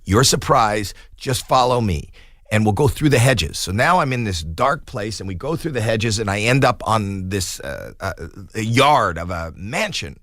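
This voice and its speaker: Animated storytelling man in his 60s. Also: on the low side, moderate pace, dry recording, studio quality. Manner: animated, acts out quoted voices. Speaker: guest. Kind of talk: comic storytelling.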